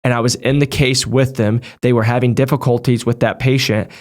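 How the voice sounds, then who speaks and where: A man coaching new sales reps in a brisk, direct way. He talks fast and stays conversational, speaking straight to his viewers at a medium pitch. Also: flat delivery. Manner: direct, conversational, talks through past situations. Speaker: medical device sales trainer. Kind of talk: casual advice talk to viewers.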